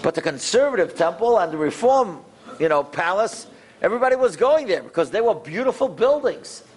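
A man telling a moving story to an audience, animated and emphatic, sprinkled with Yiddish words. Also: high-pitched, fairly quick, a little hiss or hum.

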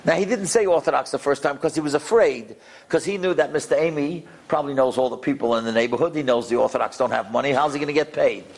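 A man telling a moving story to an audience, animated and emphatic, sprinkled with Yiddish words. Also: on the high side, fast, husky.

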